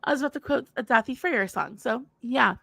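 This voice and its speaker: A woman co-hosts a casual livestream in a bright, gravelly voice that sits a bit high. She rambles cheerfully, apologizes as she goes and laughs easily, and the sound is close and dry. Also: animated, fairly quick, dry recording. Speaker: livestream co-host.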